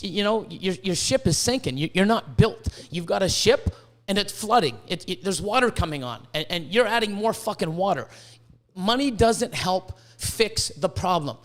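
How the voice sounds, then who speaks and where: A man's voice: high-pitched, a bit bright. A man hosting a podcast in casual chat, swearing a lot and stumbling over repeated words as he makes emphatic points. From Canada. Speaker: podcast host.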